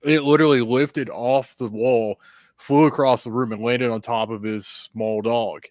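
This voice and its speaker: A man as a podcast guest, telling paranormal stories in casual chat with frequent fillers and quick laughs. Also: medium pitch, no room sound, clean studio sound. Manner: animated storyteller, quick laughs, many fillers.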